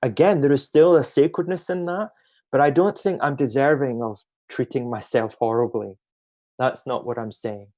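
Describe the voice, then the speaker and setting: A man giving a reflective spiritual talk on a group call, musing gently and slowing down to stress key ideas. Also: mid-range voice. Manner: gentle, musing, often slows down for emphasis. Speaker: guest speaker on a group call.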